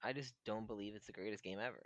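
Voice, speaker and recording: A man's voice: lowish voice, racing, crowd noise. A man co-hosting a casual podcast, chatting while playing a game and protesting good-naturedly. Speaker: podcast co-host.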